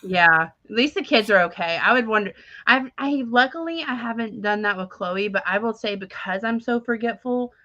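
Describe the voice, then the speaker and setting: A woman's voice: medium pitch, sharp tone, dry recording. A woman in her thirties co-hosting a casual chat, telling rambling stories, laughing often and acting out what others said. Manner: chatty storyteller who laughs often and acts out quotes. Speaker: podcast co-host. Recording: slightly dull dry recording.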